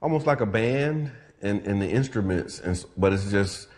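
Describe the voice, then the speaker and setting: Deep-voiced man, thoughtful radio co-host. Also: lively intonation, moderate pace, background noise. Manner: thoughtful, many "you know" fillers. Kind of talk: reflective interview talk.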